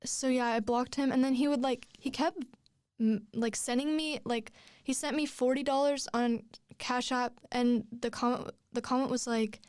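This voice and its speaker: A woman's voice: sits high, steady tone, normal speed, a little mellow, smooth, dry recording. A young woman, a podcast guest, telling her story in casual chat, rambling with many fillers and restarts.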